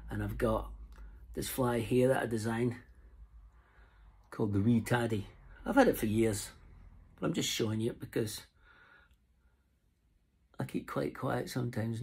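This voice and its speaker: Chatty Scottish man with a husky voice. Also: mid-range voice, darkish tone. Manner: chatty, rambling, jokey. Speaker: fly tier and seller. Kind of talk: casual vlog talk to camera. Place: camping on the road.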